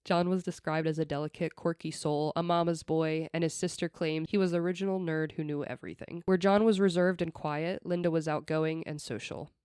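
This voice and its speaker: A woman's voice: sits low, fairly even intonation, brisk, few pauses, a little mellow, clear, resonant tone, dry recording, studio quality. A young woman hosting a podcast, telling a true crime story with chatty, laughing asides into a desk mic. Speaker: podcast host.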